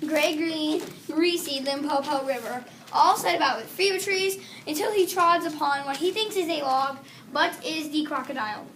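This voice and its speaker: High-voiced woman reading a storybook aloud. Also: moderate pace, hardly any pauses, a bit bright. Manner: stops to correct herself while reading. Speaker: teacher. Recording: distant mic with faint background hiss.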